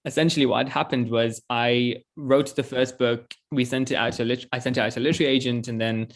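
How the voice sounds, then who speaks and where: A man's voice: mid-range voice, fairly even intonation, fast talker. A man in his twenties, an author, talking earnestly in a casual interview over a video call, often laughing and restarting his sentences. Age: 20s.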